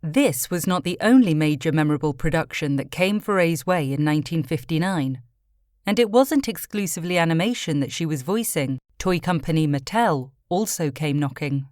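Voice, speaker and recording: A woman's voice: low-pitched, expressive, darkish tone, no echo. Woman narrating a documentary, dry sound. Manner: measured, informative. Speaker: podcast narrator.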